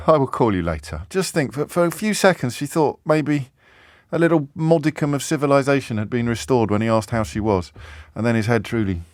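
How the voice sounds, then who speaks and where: A man's voice: medium pitch, a little fast, no echo, clean studio sound. A man hosting a radio talk show, reading messages aloud with sardonic, incredulous commentary. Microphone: studio microphone.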